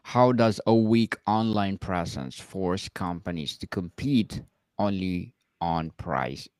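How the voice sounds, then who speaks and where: Very deep, slow formal podcast host. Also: male voice, darkish tone, dry recording. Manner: formal, addresses guest as Mister. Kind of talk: reading interview questions.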